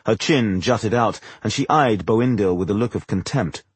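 Husky male audiobook narrator. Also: fairly low pitch, normal speed, no echo.

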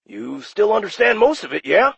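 A man voicing a friendly male demon phone operator with a raspy voice and chummy customer-service patter, in an audiobook. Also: high-pitched, sing-song, normal speed, fairly bright tone, no echo, highs cut off, voice pushed up, exaggerated voice. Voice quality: raspy, gravelly. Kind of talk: audiobook character voice.

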